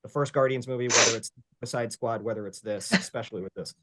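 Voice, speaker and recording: A man's voice: medium pitch, fast talker, a crowd in the background. Emotional male host of a review chat. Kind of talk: casual chat.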